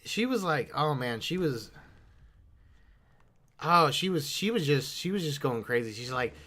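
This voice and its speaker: A man's voice: a little high, measured pace, long pauses. A man streaming a game, telling rambling stories and quoting others in a raised voice, swearing freely. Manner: rambling, animated storytelling with mimicked quotes. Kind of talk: casual gaming stream chat.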